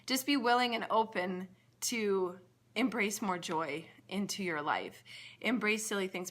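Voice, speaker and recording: A woman mindset coach in a casual motivational vlog, animated and laughing at her own jokes. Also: medium pitch.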